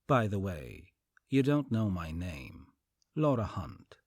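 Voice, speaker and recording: A friendly, curious teenage girl , voiced by a male reader, asks eager questions. The reading is deep and husky with plenty of lively rise and fall, close and dry. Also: takes it slowly, dry recording, exaggerated voice.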